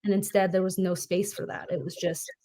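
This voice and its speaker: A woman's voice: on the low side, little pitch movement, fairly quick, dark tone. Affirming, reflective woman on a podcast. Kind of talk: casual podcast chat.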